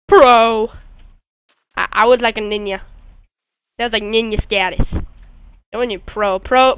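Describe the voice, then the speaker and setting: A woman giving casual commentary over her gameplay at home, rambling and goofy with sudden squeals. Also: medium pitch. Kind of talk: casual let's-play commentary. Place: at home beside a friend.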